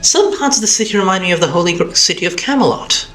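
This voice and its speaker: An earnest young girl knight speaks in a high, light voice, as a British man puts her on while reading a game. She talks quickly, lifting well above his own register. Faint music plays behind her. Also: animated, a bit bright. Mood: curious. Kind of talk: reading game dialogue aloud on a live stream.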